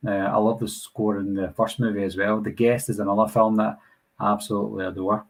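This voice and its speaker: A young Glasgow man with a lowish, flat voice and vocal fry speaks briskly while hosting a casual live Q&A. He answers viewer comments in a chatty, apologetic manner, though the audio quality is poor.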